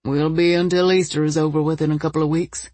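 A woman reading a storybook, voicing a gruff but caring older man who talks in folksy rural grammar with a lowered voice. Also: little pitch movement, fast, mellow, no room sound. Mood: concerned.

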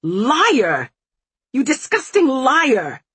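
A woman narrator voicing a furious young woman who shouts in rage. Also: sits high, huge pitch swings, very slow, slightly rough, no echo, pitched above the performer's own voice, heavily acted. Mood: furious shouting. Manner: shouting, raging.

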